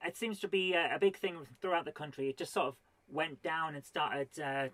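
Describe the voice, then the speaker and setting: A woman's voice: low-pitched, fairly even intonation, brisk, a bit bright, no echo. A middle-aged woman doing stand-up comedy from her home office as host of her own show, rambling and self-deprecating with mock-serious asides. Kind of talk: solo stand-up comedy to camera.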